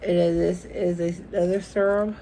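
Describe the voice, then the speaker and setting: A woman's voice: lowish voice, flat delivery, normal speed, mellow, slight background noise, poor audio. A young woman unboxing beauty products in a casual vlog, gushing and emotional and calling her viewers "y'all". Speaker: beauty vlogger.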